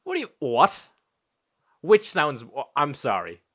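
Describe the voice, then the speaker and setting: A young man in his twenties, raised in Spain, with an Irish accent that has an American tinge. He rants and swears freely on a casual podcast. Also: takes it slowly. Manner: animated ranting, swears freely, jumps high when exasperated. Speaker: podcast co-host.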